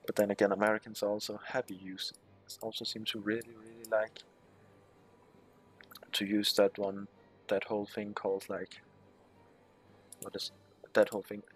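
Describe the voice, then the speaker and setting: A man's voice: fairly low pitch, little pitch movement, normal speed, pauses often. A man giving casual gameplay commentary, reading game text aloud with muttered, swearing asides. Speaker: strategy game let's player.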